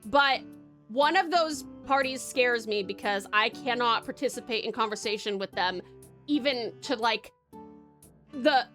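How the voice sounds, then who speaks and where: A woman's voice: on the high side, unhurried, a bit bright, soft background music. A young Australian woman streaming live, chatting bubbly and giggly with her viewers and calling them babes. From Tasmania, Australia. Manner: bubbly and giggly, greets chat by name, calls them babes. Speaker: VTuber streamer.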